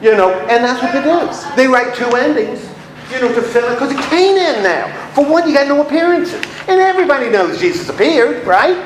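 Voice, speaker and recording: Guy teaching a bible class, kinda high voice, joking around, echoey room. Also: lively intonation, moderate pace. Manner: chatty, playful, acts out little scenes with laughs. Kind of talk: casual Bible class lecture.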